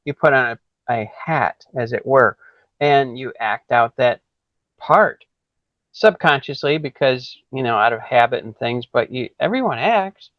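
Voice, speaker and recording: A man hosting an interview podcast, speaking enthusiastically and affirmingly, thinking out loud as he goes. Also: medium pitch, lively intonation, unhurried, dry recording. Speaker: podcast host. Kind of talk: conversational interview. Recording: dry, dull lo-fi sound.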